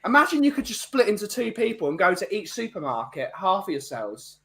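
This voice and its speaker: A man's voice: sits high, sing-song, a little fast, a bit bright. A man hosting a casual banter podcast, teasing and joking with his co-hosts. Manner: teasing, jokey. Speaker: podcast host.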